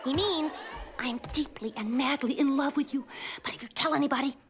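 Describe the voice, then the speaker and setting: A woman's voice: high voice, brisk, a crowd in the background, natural voice. A woman voicing a chatty, cheeky young cartoon girl who giggles through her stories. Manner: giggly, bouncy storytelling. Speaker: narrator character. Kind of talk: cartoon monologue to the audience.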